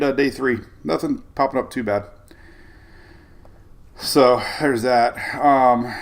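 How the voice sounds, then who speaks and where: Male weather-stream host, gravelly, rambling and chuckly, mid-range pitch. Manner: rambling, chuckling, self-interrupting. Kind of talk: casual live-stream weather talk.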